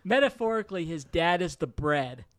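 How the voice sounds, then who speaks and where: A man's voice: a little high, moderate pace, crowd noise. A man co-hosting a podcast in casual chat, telling the story and acting out the characters' lines with animation. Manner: animated, acts out quotes from the film. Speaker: podcast co-host.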